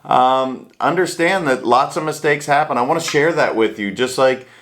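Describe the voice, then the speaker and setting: A man's voice: medium pitch, moderate pace, fairly bright tone. Upbeat chatty man hosting. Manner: upbeat, chatty, self-deprecating. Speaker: host. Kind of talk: casual chat. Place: small home studio.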